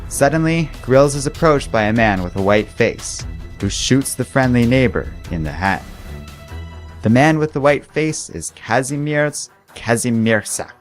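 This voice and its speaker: A man, host of a comic book channel, narrating a story recap in a measured, scripted way. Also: medium pitch, lively intonation, faint music behind.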